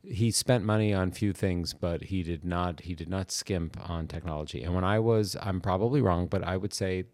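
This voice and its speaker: A man's voice: sits low, moderate pace, darkish tone, no echo. A man in his fifties from Boston, chatting casually and rambling with lots of restarts and self-deprecating asides. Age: 50s. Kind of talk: casual chat.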